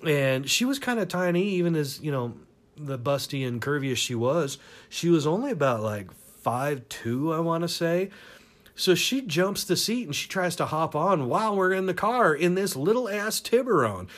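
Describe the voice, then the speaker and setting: A man's voice: a little high, animated, normal speed, a bit bright. A man casually telling a crude personal story, rambling and profane, often laughing as he goes. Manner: rambling, profane, laughs through his stories.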